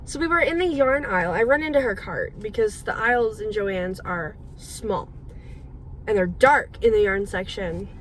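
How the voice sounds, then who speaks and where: A young woman vlogging, telling a rambling story in an animated, chatty way with quick asides. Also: medium pitch, slight background noise, low-quality recording.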